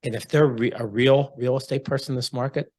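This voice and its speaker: A blunt, animated man, telling stories as an interview guest. His voice is husky and a bit rough, at a middle pitch. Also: a little fast. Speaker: hard money lender, interview guest. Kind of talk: storytelling in an interview.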